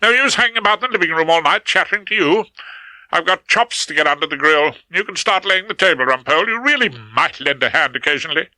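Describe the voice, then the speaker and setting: A man's voice: fairly high pitch, lively intonation, fast, sharp tone, no echo, pitched above the performer's own voice, rough recording. A man voicing a fussy middle-aged wife in a genteel, prim manner, in an audiobook. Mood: brisk. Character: fussy middle-aged English wife, coy then bossy. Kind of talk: audiobook character voice.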